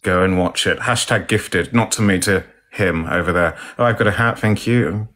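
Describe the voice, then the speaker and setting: A man's voice: low-pitched, normal speed, fairly bright tone. A man chatting casually on a live stream, posh and theatrical, fond of old-fashioned words. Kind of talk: casual live chat reading comments.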